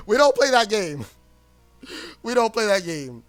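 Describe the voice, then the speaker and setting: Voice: mid-range voice, big pitch swings, slow pace, faint music behind. A streamer in a casual livestream rant, rambling and blunt, with frequent swearing.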